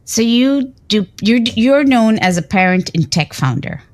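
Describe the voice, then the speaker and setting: A woman hosting a podcast, interviewing her guest and telling animated stories with frequent restarts. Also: on the high side, a little slow, no echo. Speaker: podcast host.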